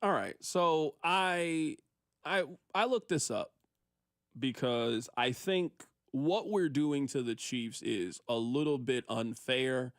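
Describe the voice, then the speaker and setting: A man hosting a sports radio show, talking in an animated, mock-exasperated way and often repeating himself. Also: mid-range voice, slow, no echo, studio quality.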